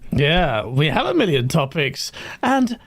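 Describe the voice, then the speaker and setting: A woman hosting a casual gaming talk show, energetic and playful, laughing often. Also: low voice, a little slow. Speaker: host.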